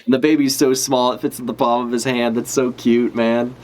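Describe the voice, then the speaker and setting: A man's voice: medium pitch, a little fast. A man streaming a live reaction to a comic, talking casually and animatedly, swearing freely as he follows the story. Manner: animated, swears casually, talks over the panels.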